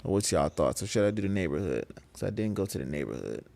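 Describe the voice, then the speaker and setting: A man chatting casually with viewers on a gaming live stream, laughing often and getting animated when he rants. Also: sits low, fast talker, creaky. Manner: laid-back, laughs often, gets animated when ranting.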